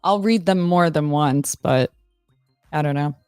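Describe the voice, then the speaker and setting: Woman streamer, laid-back and self-mocking; lower voice, dry close sound. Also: a little slow, clear, resonant tone, no room sound, soft background music. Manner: rambling, relaxed, self-mocking, answers chat. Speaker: live stream host. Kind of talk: casual live-stream chat.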